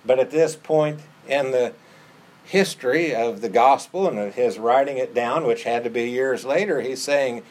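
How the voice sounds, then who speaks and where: A man's voice: mid-range voice, normal speed, a little mellow, a little hiss or hum. A man preaching a sermon in an earnest way, repeating phrases for emphasis.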